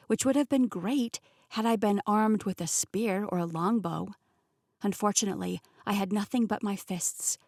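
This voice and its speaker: A woman narrating a fantasy audiobook in the first person, with clear and steady storytelling. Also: mid-range voice, no room sound, studio quality.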